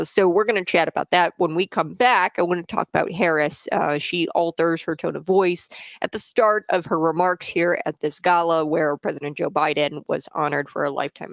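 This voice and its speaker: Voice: medium pitch, vocal fry, dry recording. A radio talk show host giving opinion commentary, emphatic and repeating points with frequent fillers.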